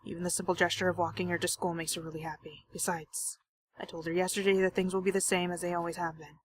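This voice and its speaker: A woman's voice: on the low side, flat delivery, quick pace, a little hiss or hum. A young woman reading a visual novel aloud as a game streamer, with dramatic, jokey and panicky reactions.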